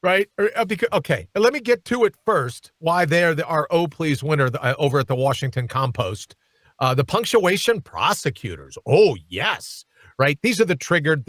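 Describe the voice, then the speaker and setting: A man hosts a radio talk show from a studio, ranting with a sarcastic edge. His voice sits high and swings widely in pitch. The studio sound is dry and close. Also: fairly bright tone, no room sound. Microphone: studio microphone.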